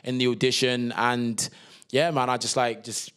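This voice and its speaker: A young man with a London accent, a guest actor chatting through stories in an interview, relaxed and full of slang and fillers. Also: mid-range voice, moderate pace, clean tone. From England. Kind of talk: casual interview chat.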